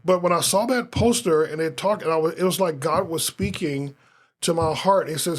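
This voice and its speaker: A man's voice: on the high side, moderate pace. A man in his fifties from Omaha, a pastor earnestly telling his life story as a guest, with frequent restarts. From Omaha, Nebraska. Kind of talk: personal testimony in a podcast interview.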